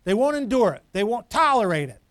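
A man preaching a sermon in a high, forceful voice, climbing toward shouting on his main points and falling back to muttered asides. The pastor's voice is close and dry, with no room around it. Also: very animated, brisk, dry recording.

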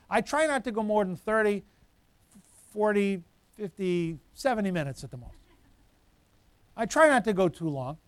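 A man, a pastor, preaching a sermon forcefully, building up loud and then dropping into quiet asides. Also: high-pitched, no echo.

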